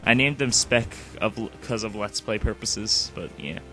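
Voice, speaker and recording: A man's voice: fairly low pitch, expressive, unhurried, pushed and bright, faint music behind. Rambling man narrating his gameplay. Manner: rambling, frequent "like" fillers. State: sleepy. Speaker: let's play host. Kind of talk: casual gameplay commentary.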